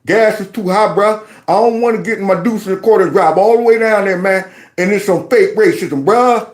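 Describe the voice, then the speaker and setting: A man putting on the voice of a fired-up man who rallies his friends, loud and slangy. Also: sits high, fairly quick, natural voice. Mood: indignant. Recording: roomy echo.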